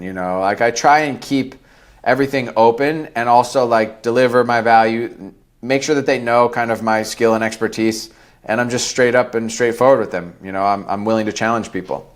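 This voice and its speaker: A man's voice: medium pitch, a little fast. A man in his thirties, a podcast guest telling candid stories in a blunt, profane way. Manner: blunt and profane, acts out quoted dialogue. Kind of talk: candid storytelling interview.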